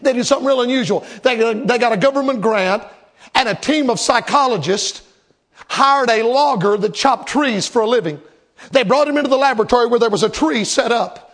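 A man's voice: very high-pitched, a little fast, a bit bright. A man preaching a revival sermon as a Baptist preacher, emphatic and dramatic, repeating lines for effect.

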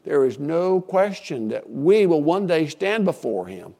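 An older man preaching a sermon as pastor, emphatic, dropping to a hush and rising to a boom, drawing out key words. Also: sing-song, creaky. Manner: emphatic, swings between hushed and booming, drawn-out stressed words.

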